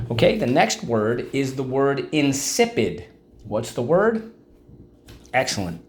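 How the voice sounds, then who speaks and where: A man's voice: mid-range voice, darkish tone. Man drilling vocabulary words. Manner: repeats words and syllables with emphatic drilling; asks class-style questions like "What's the word?". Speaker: vocabulary teacher. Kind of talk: online vocabulary lesson.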